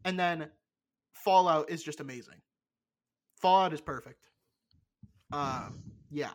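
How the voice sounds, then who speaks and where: Young podcast cohost, blunt hot takes, swears a lot, lots of uh and um, mid pitch. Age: young adult. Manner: blunt, opinionated, swears freely; loose, halting delivery with many fillers. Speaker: podcast co-host. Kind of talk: casual chat.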